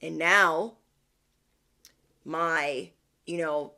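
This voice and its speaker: A woman's voice: sits low, drawn-out words, creaky. Chatty woman vlogger telling a story. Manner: chatty, animated retelling with slang. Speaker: spiritual vlogger. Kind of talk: casual storytelling.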